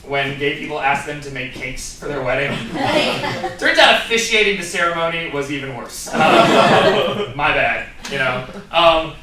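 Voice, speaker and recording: A man doing a stand-up comedy set on a theatre stage, animated, acting out characters in shouted voices. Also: fairly high pitch, unhurried. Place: theatre stage with live audience. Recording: echoey theatre, distant mic, crowd laughter. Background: audience laughter.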